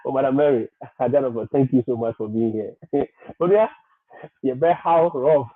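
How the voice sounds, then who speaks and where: A man hosting a livestream, talking emphatically and circling back over his points with frequent laughs. His voice sounds a little husky, and the audio is thin and phone-like, in a dry room with no echo. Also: medium pitch, normal speed. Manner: emphatic, repetitive, laughs often. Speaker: livestream host. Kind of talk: livestream advice talk.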